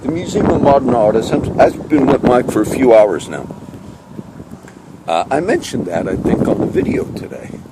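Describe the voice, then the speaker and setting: A man's voice: mid-range voice, very animated, normal speed. A man vlogging in a rambling, chatty way, often losing his train of thought. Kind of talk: rambling casual monologue. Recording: outdoor wind and traffic noise.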